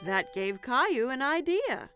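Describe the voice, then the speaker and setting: A woman narrates a children's cartoon in a fairly high, gentle voice. Her pitch rises and falls with expressive storytelling. Clear music plays under her. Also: unhurried.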